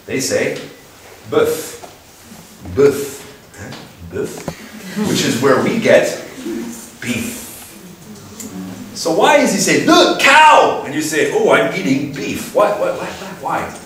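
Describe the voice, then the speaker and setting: A man giving a playful, lively lecture to an audience, asking them questions and putting on voices. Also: fairly high pitch, takes it slowly, pauses often. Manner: animated, playful, puts on voices and asks the crowd questions. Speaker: speaker giving a talk. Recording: echoey room from far off with faint noise.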